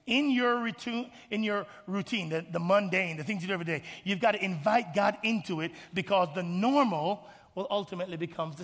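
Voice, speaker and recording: A pastor preaching an impassioned sermon in a church, swinging from hushed asides to shouting and calling for responses from the congregation. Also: male voice, high-pitched. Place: church sanctuary. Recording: reverberant hall with faint music.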